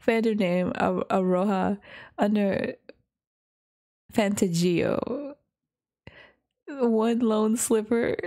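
A woman hosting a reaction video in casual commentary, laughing constantly and exclaiming in quick bursts. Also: mid-range voice, steady tone, mellow.

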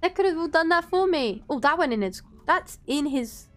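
A young woman in her twenties streaming gameplay, giggly and excitable, swearing freely as she comments. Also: high voice, moderate pace, soft background music.

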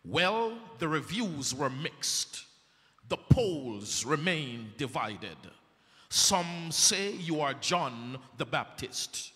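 A man preaching a sermon as an evangelist, in a dramatic, rhetorical style that swells to shouts. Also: fairly high pitch, big pitch swings, drawn-out words. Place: church sanctuary. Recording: echoey church hall.

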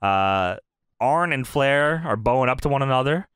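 Young male podcast co-host, lively pitch, dry close sound, laughs and swears a lot. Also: normal speed, clear, resonant tone, no room sound. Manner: laughs often, swears, acts out quotes. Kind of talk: casual wrestling review chat.

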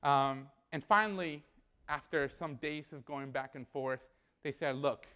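A man's voice: a little high, measured pace, pushed and bright, clean tone. A young man preaching a sermon in a church, telling a personal story in a conversational way and acting out the dialogue.

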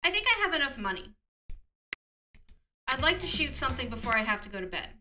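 A woman's voice: high-pitched, very animated, a little fast, pushed and bright, a little hiss or hum. A woman streaming a game, talking casually in an offhand, joking way and muttering to herself. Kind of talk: casual live-stream commentary.

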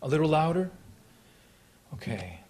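A man giving a poetry reading at a live event, talking in a halting, reflective way with many fillers and restarts, then reciting his verse in a slow, measured voice. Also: a little high, very animated, darkish tone, slight background noise. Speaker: poet. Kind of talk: poetry reading with spoken introduction. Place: lecture hall at a live event.

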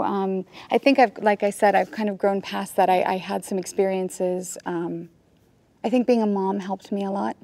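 Actress guest in her forties, casual and reflective, frequent restarts, a touch of vocal fry. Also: medium pitch, steady tone, dark tone. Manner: thoughtful, halting, with many restarts. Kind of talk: casual roundtable conversation. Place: studio with a group of guests.

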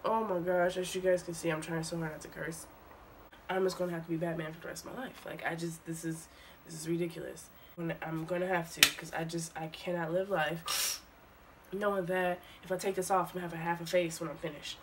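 A woman's voice: on the low side, level tone, fairly quick, a bit bright, slight background noise. A young woman vlogging casually to camera, sick and sniffly, with exasperated chatter. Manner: exclaims and cries out in pain, then chats. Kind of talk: casual vlog talk to camera.

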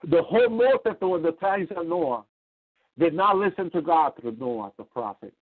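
A man's voice: on the high side, expressive, normal speed. Fervent preacher man on a tinny phone line. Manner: fervent, repetitive, rising to cries. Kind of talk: radio sermon.

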